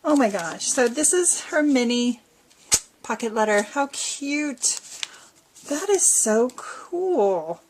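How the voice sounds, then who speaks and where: A woman's voice: on the high side, sing-song, takes it slowly, noisy background. A woman chatting casually as she unboxes a craft swap, gushing with frequent exclamations. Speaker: crafting vlogger.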